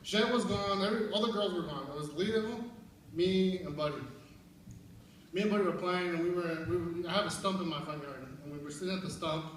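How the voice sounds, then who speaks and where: A man's voice: sits high, a little fast. A young man telling stories at a memorial service, laughing often and acting out what people said. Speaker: eulogy speaker at a memorial service. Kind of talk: storytelling remembrance. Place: large room at a memorial service. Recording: very echoey hall, far from the mic, background noise.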